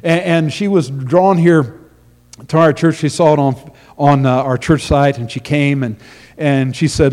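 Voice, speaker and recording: A man's voice: medium pitch, measured pace, darkish tone, long reverb tail. A man preaching a sermon with earnest storytelling, often repeating his words as he goes. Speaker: pastor.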